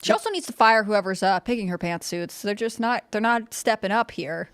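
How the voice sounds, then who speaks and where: A woman's voice: medium pitch, brisk, clean tone, dry recording, studio quality. A woman on a political panel show who chats casually and drops mocking quotes.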